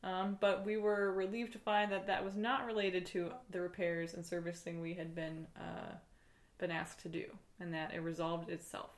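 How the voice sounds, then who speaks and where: A woman playing a calm, earnest male shuttle captain in improvised comedy, speaking formally with halting fillers. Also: lowish voice, lightly acted.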